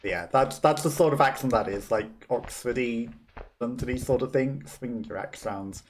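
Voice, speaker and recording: A man's voice: medium pitch, moderate pace, slight background noise. A man with a Black Country accent giving chatty, self-deprecating commentary while playing a game and laughing often. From West Midlands, England. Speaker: gamer. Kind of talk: let's play commentary.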